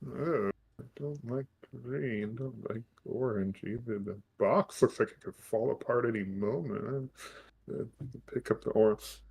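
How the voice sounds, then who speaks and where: A man's voice: medium pitch, unhurried, gravelly, darkish tone, slightly rough. A man playing a character in a tabletop game, playful with laughing asides. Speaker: player.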